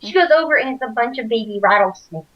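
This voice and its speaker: A woman in casual podcast chat, playful and quick to laugh along, swearing at times. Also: a little high, expressive. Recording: dull lo-fi sound.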